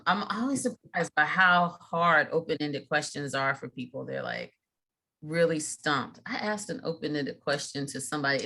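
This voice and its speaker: Bright-voiced middle-aged woman trainer. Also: deep voice. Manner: chatty, frequent fillers and restarts. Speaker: mediation trainer. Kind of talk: casual training talk.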